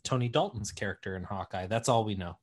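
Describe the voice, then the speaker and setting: A man's voice: fairly low pitch, fast. A young man co-hosting a podcast in casual news chat, chatty and fond of corny jokes. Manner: chatty, self-mocking dad jokes. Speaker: podcast co-host.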